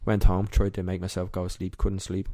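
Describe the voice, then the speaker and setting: A young man with an Irish accent, a podcast guest telling a personal story in a candid, emotional, halting way. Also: low voice, monotone, dark tone, no echo, studio quality. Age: young adult.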